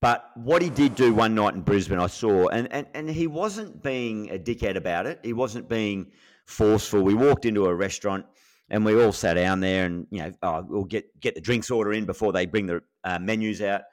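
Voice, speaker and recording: A man, a podcast co-host, telling an animated story in a casual chat, laughing and acting out quotes. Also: fairly low pitch, normal speed. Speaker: co-host, former cricketer.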